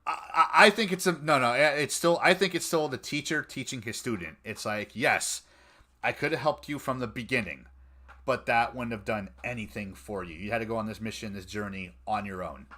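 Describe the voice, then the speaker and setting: A man co-hosting a casual fan podcast, talking in an animated way with lots of restarts. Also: mid-range voice, brisk. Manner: animated, stumbling restarts, quotes scenes in voices. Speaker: podcast co-host.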